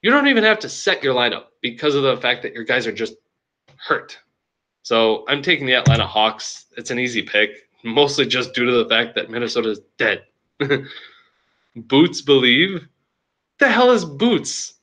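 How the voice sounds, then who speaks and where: A man's voice: medium pitch, brisk, sharp tone. A young man hosting a casual fantasy sports recap for his league, loose and joking, rambling with restarts.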